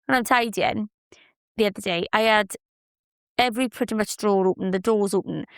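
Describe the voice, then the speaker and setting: A woman's voice: medium pitch, fairly even intonation, quick pace, clear, resonant tone, no room sound, studio quality. A chirpy woman, chatting casually as a solo podcast host and laughing often.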